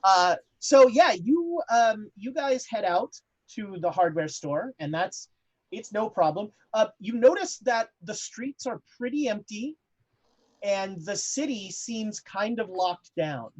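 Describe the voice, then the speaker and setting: A man running a tabletop horror game as game master, talking in a relaxed, halting way full of fillers. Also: high voice.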